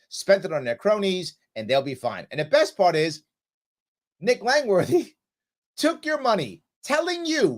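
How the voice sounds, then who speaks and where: Fiery man with a lively pitch. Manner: combative, scolding, sarcastic rhetorical questions. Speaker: political commentator hosting a live show. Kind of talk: impassioned political monologue.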